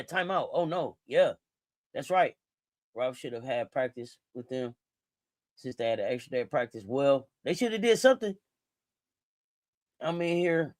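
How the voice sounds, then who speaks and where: A woman hosting a live basketball watch-along, reacting out loud and talking straight to the players. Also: low voice, no room sound, studio quality. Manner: exclamatory, talks straight to the players. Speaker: sports watch-along host. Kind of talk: live game reaction commentary.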